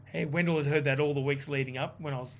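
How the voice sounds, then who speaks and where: Man, casual storyteller, a bit high-voiced, faint background hiss. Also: fast talker. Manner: animated, swearing, quotes others in his own voice. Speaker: guest.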